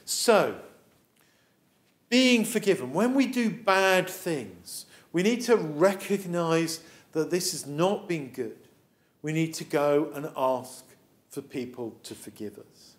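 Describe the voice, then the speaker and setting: Lively English vicar telling a story. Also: male voice, on the high side, takes it slowly. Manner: animated storytelling, acts out the characters. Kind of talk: children's talk sermon.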